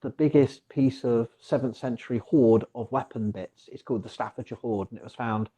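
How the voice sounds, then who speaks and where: A man hosting a casual conversation about the past, talking in rambling, digressive stretches with animated asides. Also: medium pitch, brisk, slightly rough, rough recording. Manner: mock voices for quoted figures. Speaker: archaeologist podcast host.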